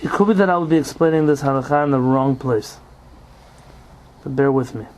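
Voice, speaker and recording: A man's voice: medium pitch, brisk, a little hiss or hum. A man teaching an informal religious law class as rabbi, explaining with rhetorical questions and Hebrew terms.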